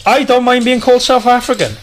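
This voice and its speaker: A man's voice: very high voice, fairly even intonation, quick pace, crowd noise. A young Welsh man, podcast co-host, telling a story in casual chat and swearing freely. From Wales. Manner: swears freely, acts out voices in anecdotes.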